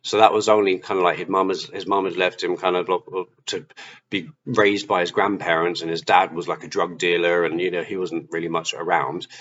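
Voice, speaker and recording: A man's voice: low-pitched, fairly quick. A man vlogger telling a personal testimony story, acting out his own past lines as he goes. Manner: animated, acts out his own past dialogue. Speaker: Christian vlogger. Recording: slightly dull audio with faint hiss.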